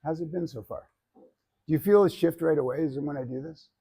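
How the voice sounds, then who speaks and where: A man teaching public speaking to a live class in an energetic, conversational way, often checking in with "right?". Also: a little high, fairly quick, slightly rough. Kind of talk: classroom lecture.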